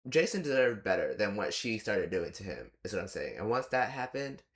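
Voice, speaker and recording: A man's voice: on the low side, big pitch swings, brisk. A young man giving a rambling, exasperated casual movie review, often slipping into mock quotes of the characters. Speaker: movie reaction host.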